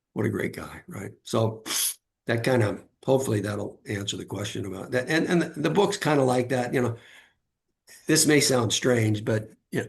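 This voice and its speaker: A man's voice: fairly low pitch, vocal fry. A middle-aged man from California, a guest author telling personal anecdotes in an interview, with many fillers and acted-out quotes. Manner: anecdotal, acts out quoted voices, frequent fillers. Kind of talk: storytelling interview.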